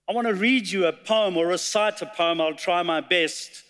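A man's voice: high-pitched, normal speed, a bit bright, clean tone. A man preaching a sermon, telling a story and reciting poetry with feeling. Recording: long hall reverb.

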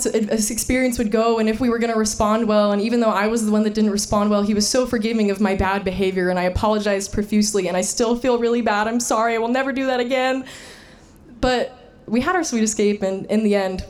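Young woman telling a funny story to a crowd, kinda high voice, lots of laughs and restarts. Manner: animated, laughing, shouting the quoted lines. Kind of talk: personal story told to an audience.

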